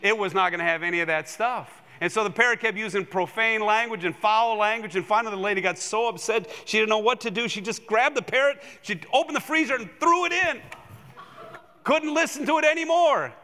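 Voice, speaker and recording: Bright-voiced preacher in a reverberant church. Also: male voice, high-pitched, a little fast. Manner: animated storytelling, swings between loud emphasis and hushed asides. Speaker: pastor. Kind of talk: sermon.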